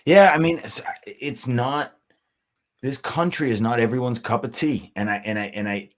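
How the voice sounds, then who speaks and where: A young man co-hosting a podcast, musing in casual chat and circling back over his points. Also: mid-range voice. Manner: musing, drawn-out, repeats himself. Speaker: podcast co-host.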